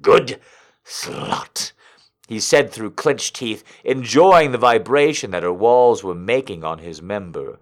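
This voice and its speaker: A man narrating an audio story in an expressive, measured way. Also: lowish voice.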